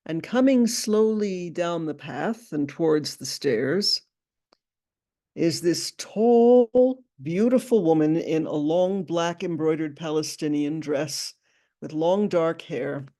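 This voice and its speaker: A woman recounts a personal story at a memorial gathering. Her voice is warm and mellow, and she speaks in a halting way, often circling back and repeating phrases. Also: deep voice.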